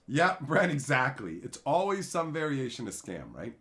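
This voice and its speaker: A man's voice: medium pitch, very animated, moderate pace, a bit bright, slightly rough. A man hosting a live stream, ranting casually and sarcastically with plenty of profanity while reading out chat messages. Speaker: livestream host reading chat.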